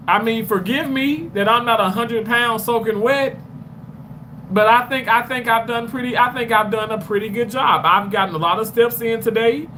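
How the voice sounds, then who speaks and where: A man's voice: sits high, bright, forceful tone. A man live-streaming while he walks, out of breath and rambling as he answers viewer comments one by one. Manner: rambling, talks back to commenters. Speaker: livestreamer. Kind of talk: casual live chat reading viewer comments. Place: walking outdoors near a road. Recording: street noise with passing traffic.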